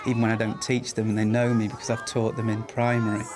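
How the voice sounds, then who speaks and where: A man with an English accent, a secondary school language teacher, talking in an interview with a brisk, practical way of explaining. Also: fairly low pitch, flat delivery. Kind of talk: interview talk.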